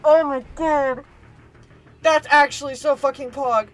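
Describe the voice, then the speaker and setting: A woman streamer reacting live, excitable, casual and swearing freely as she shouts and laughs. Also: high-pitched, unhurried.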